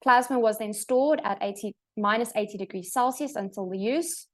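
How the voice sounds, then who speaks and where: A woman's voice: medium pitch, normal speed. A young woman from South Africa giving a formal academic talk over a video call. She reads prepared slides steadily and restarts a word now and then. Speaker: presenter. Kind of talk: academic presentation.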